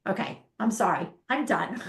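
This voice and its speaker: A woman's voice: medium pitch, normal speed, creaky. Emphatic woman coach in an echoey room. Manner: animated, emphatic, acts out parents and kids in quotes. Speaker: ADHD parenting coach, podcast guest. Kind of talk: casual interview chat.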